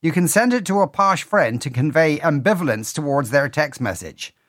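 A man's voice: fairly high pitch, sing-song, normal speed, no echo, studio quality. A man hosting a radio talk show, reading listener messages with wry, teasing banter. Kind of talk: casual radio chat. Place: radio studio. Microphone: studio mic.

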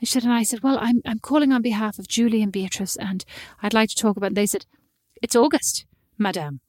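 A woman's voice: fairly high pitch, quick pace, a little mellow, dry recording, clean studio sound. A woman co-hosting a podcast, chatting and telling a story, acting out the people she quotes. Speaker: podcast co-host. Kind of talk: casual chat.

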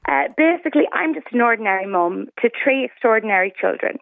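An Irish woman in her thirties speaking by phone, hoarse from the flu, talking earnestly. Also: fairly high pitch, animated, fast, dry recording. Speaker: caller. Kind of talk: phone interview. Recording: tinny phone line.

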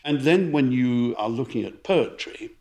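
A man, a conductor and co-host, explaining opera in a measured, explanatory podcast chat. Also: medium pitch, expressive, mellow.

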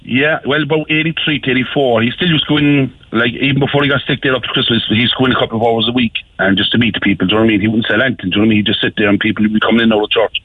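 A man's voice: medium pitch, steady tone, very fast, hardly any pauses, breathy edge, no echo. A man with a Cork accent, calling in to a radio show, chatting casually and rambling with lots of fillers. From Ireland. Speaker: caller. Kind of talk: casual chat. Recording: tinny phone line.

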